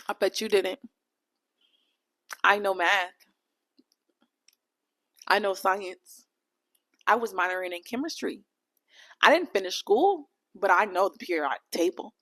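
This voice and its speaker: A young woman talks through a solo podcast episode in a loose, joking way. She is frank and swears freely, drifting from one point to the next, and her voice sits at an ordinary middle pitch for a woman. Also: sharp tone. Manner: candid, profane, playful rambling. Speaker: podcast host. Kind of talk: casual solo podcast chat.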